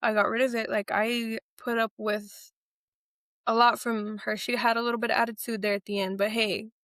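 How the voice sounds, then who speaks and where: A young adult woman, an interview guest, telling stories in a lively casual way and acting out what people said. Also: a little high, moderate pace, no room sound, clean studio sound. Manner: animated, acts out quotes with laughs.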